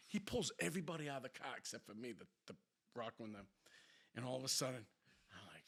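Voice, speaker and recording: A man hosting a podcast, telling a story in an animated, profane way and acting out the scenes. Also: mid-range voice, fast, vocal fry, breathy edge. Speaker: podcast host. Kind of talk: casual storytelling.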